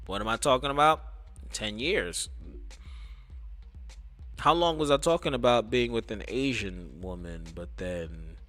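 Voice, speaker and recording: A man streaming live, telling a casual story in a rambling, profane, animated way. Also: fairly low pitch.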